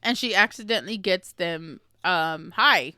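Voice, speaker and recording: A woman's voice: lowish voice, lively intonation, measured pace, pushed and bright, no room sound, studio quality. A woman hosting a podcast, chatting casually and laughing often as she recaps a book. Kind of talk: casual chat.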